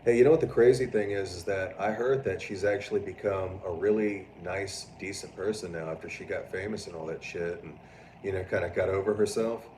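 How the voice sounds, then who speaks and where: Loud, profane man in a roomy space. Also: sits low, fairly quick, distant mic, slight background noise. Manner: loud, animated, profane, prone to mocking voices. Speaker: livestream host. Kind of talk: casual livestream chat reading viewer comments.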